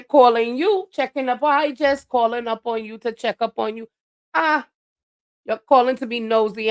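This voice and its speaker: A woman with a slightly high voice rants to her livestream chat. She is blunt, profane and preachy, lecturing listeners about who to trust. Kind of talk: ranting live-stream monologue.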